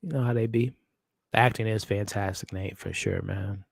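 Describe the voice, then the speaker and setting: A young adult man hosting a live stream, moved and chatty, talking straight to his viewers and his dog in loose slangy speech. His voice sits at an ordinary middle pitch and sounds close and dry, with almost no room around it. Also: fairly even intonation, moderate pace, vocal fry, breathy edge, no echo. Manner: emotional, talks to chat and his dog, slangy. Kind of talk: casual live watch-along chat.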